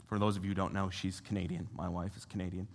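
A young American man, a youth pastor, preaching a sermon in an animated, conversational way and asking his listeners rhetorical questions. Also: low voice, fast, vocal fry. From United States. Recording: long hall reverb.

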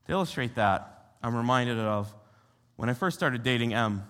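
A young American man preaches as a youth pastor, his voice bright and a little high, and his pitch swings widely. He keeps the sermon conversational and tosses rhetorical questions to the room. A long reverb from a large hall trails behind his words. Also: animated, a little fast. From United States.

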